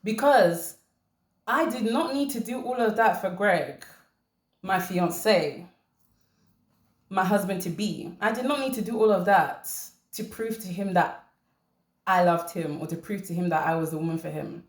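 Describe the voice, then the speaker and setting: A woman of middling pitch hosts a casual commentary video and talks straight to her viewers. She is lively and emphatic, stressing points by saying them again and again. Her voice rings a little in a roomy, echoey space. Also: a little slow. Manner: animated, laughing, emphatic repetition. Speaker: commentary channel host.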